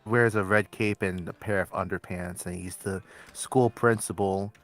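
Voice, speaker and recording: A man's voice: sits low, fairly even intonation, normal speed, faint music behind. A man chatting as a guest on a casual stream, joking and curious, chuckling between lines. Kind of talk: casual chat.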